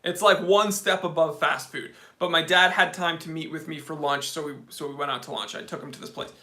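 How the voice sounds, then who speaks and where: A man's voice: on the high side, a little fast. A young man hosting a casual livestream, telling a story as a comic rant and talking to viewers by name. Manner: animated comic ranting. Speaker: livestream host.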